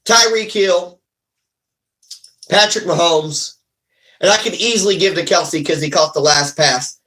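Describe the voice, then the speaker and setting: A man giving an excited fan recap of a football game, animated and ranting, repeating himself. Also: sits high, measured pace, low-quality recording. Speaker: sports fan vlogger.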